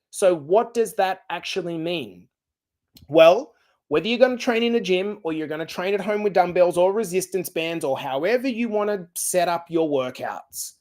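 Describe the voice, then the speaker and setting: A middle-aged man hosting a fitness podcast, coaching listeners in an energetic, direct and casual way. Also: high-pitched. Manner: energetic, direct, casual and blunt with occasional swearing. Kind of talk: podcast monologue.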